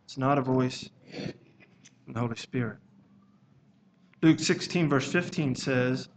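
During a church service, a man delivers a sermon in a measured, halting manner, reading scripture aloud in archaic language. His pitch is medium, and there's slight background noise.

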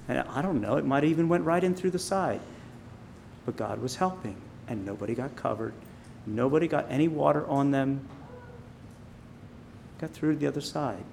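A man preaching an informal sermon, building up loud on key phrases and dropping quiet on others. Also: fairly high pitch, vocal fry, a little hiss or hum. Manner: emphatic, rising loud on key phrases, slowing on quiet points.

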